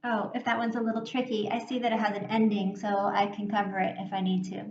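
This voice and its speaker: A woman teacher giving a slow, patient phonics lesson to young children, sounding words out and inviting them to read along. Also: mid-range voice, level tone, a little hiss or hum. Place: room at a whiteboard. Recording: echoey room, dull muffled sound.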